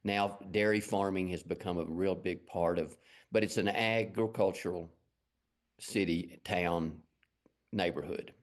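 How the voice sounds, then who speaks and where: A man's voice: low voice, fairly even intonation, a little slow. A middle-aged man from Lubbock with a West Texas accent, telling folksy, rambling stories as an interview guest. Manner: rambling, folksy, self-deprecating. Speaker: guest artist. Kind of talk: casual storytelling interview.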